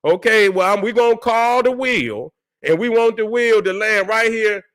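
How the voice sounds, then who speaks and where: A man with a high voice rants through a livestream, swearing at nearly every turn. He repeats himself, drawls out his mockery and keeps hailing his viewers to come back. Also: normal speed. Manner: loud, fiery and repetitive, swearing constantly; calls out to viewers, drawling and mocking at times. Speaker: channel host. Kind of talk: profane livestream rant.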